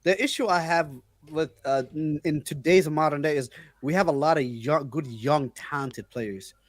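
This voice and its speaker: A man's voice: on the high side, normal speed, no echo. Young man, dry close sound. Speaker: podcast co-host. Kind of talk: casual chat.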